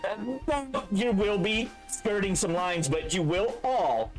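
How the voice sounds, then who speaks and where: A man's voice: high-pitched, expressive, slow pace, faint music behind. A man who runs the game, chatting casually with his players, joking and swearing freely. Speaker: game master. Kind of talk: casual chat.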